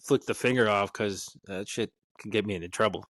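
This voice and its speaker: Deep-voiced man swearing in casual chat. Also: brisk, no echo, clean studio sound. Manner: animated, swears a lot. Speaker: podcast co-host.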